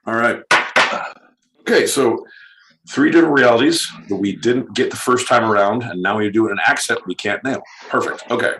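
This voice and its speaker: A man's voice: medium pitch, brisk. A man co-hosting a comedy podcast, riffing in crude mock accents with rowdy, improvised banter. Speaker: podcast co-host. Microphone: podcast mic. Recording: echoey room with faint noise.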